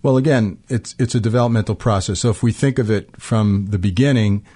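A middle-aged man calmly explaining ideas in an interview, using everyday examples. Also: lowish voice, brisk, breathy edge. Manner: calm, explanatory, gives examples. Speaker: guest expert on emotional fluency. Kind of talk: interview answers.

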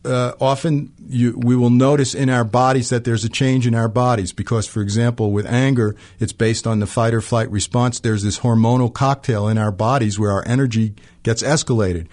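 A middle-aged man calmly explaining ideas in an interview, using everyday examples. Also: mid-range voice, normal speed, hardly any pauses. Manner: calm, explanatory, gives examples. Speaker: guest expert on emotional fluency. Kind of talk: interview answers.

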